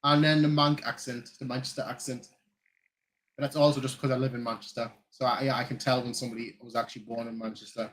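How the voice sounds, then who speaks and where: A man's voice: medium pitch, flat delivery, fast, fairly bright tone, a little hiss or hum, poor audio. A man from Germany hosting a fan channel, chatting casually during a live match watchalong, rambling and repeating himself with lots of "like". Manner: rambling, repeats phrases, frequent "like". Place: lives in Manchester.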